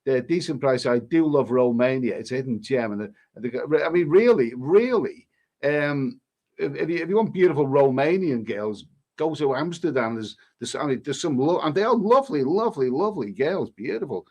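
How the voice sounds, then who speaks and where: The man behind the casual live stream is a travel vlogger who reads comments from viewers and replies with playful, cheeky remarks, restarting himself often. His mid-range voice is animated and a little mellow, delivered at a normal speed.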